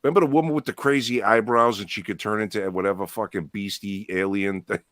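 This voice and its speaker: A man's voice: fairly low pitch, fast talker, a bit bright, dry recording, clean studio sound. A middle-aged man hosting a casual chat, rambling and laughing, often restarting his sentences. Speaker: podcast host. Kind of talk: casual bar-style chat.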